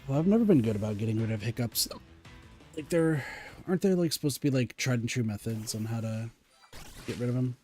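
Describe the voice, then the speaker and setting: A man streaming a game, coaching his co-player in a halting, filler-heavy way while he keeps hiccuping. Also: mid-range voice, lively intonation, mellow, soft background music. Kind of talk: casual gaming chat.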